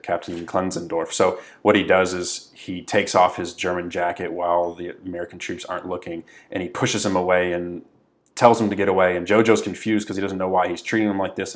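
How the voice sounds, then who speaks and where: Deep voiced guy on a movie podcast, goes thru scenes in detail, really earnest. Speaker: podcast co-host. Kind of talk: casual movie discussion.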